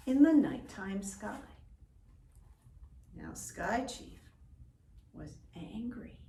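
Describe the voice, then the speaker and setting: Slow woman telling a story, drawn-out and expressive, roomy echo, bit far off. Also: medium pitch. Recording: roomy echo, distant from mic.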